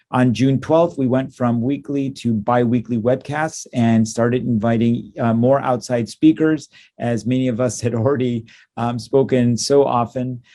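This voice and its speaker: A man, a clinician, giving a conference talk, halting with many ums and uhs, upbeat in tone. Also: medium pitch, dark tone. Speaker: cystic fibrosis clinician presenting at a conference.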